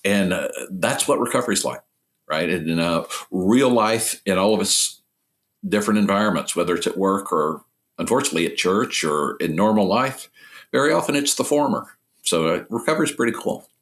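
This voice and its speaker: A man's voice: deep voice, animated, normal speed, fairly bright tone. A man speaking as a podcast guest, earnestly explaining ideas through stories. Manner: earnest, illustrative storytelling. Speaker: podcast guest, recovery ministry founder. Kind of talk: conversational interview.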